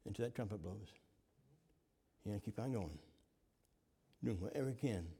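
A man preaching a sermon, fervent, swinging from loud to hushed. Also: lowish voice, moderate pace, husky. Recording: long hall reverb.

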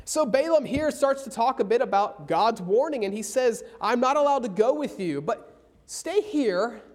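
A man preaching a sermon, slowing down hard on key phrases and reading scripture aloud. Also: extremely high pitch, expressive. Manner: emphatic, slows down for key phrases.

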